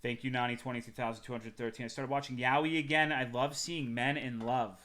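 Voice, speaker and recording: Bright-voiced man in loose streamer banter. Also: mid-range voice, fairly even intonation, a little fast. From Texas. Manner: loose, profane, joking banter. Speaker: livestreamer. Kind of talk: casual chat with viewers.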